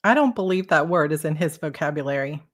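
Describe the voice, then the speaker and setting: A woman's voice: low-pitched, animated, fast talker. A woman voicing a brash, teasing young woman roommate in a live book reading.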